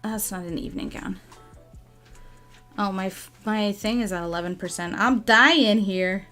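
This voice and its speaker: A young woman chatting casually while she draws on a livestream, musing softly and now and then gushing thanks to viewers. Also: mid-range voice, soft background music. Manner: soft, musing and slow, bursting into excited gushing thanks. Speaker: artist streaming a drawing session.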